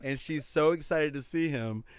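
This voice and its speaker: Male co-host, casual chat, lively scene retelling, smooth voice, dry close recording. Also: on the high side, moderate pace, no echo. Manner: animated retelling of movie scenes, acting out lines.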